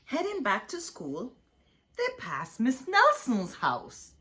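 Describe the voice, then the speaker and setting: A woman reading a children's picture book aloud as a storyteller, in an expressive, deliberate way. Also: on the high side, background noise.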